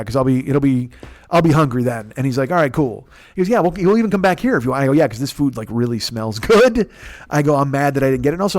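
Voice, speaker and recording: A man in his forties hosting a podcast, telling a story in a rapid, profane way that swings between loud agitation and quiet reflection. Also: fairly high pitch. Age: 40s. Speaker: podcast host. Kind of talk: casual storytelling monologue.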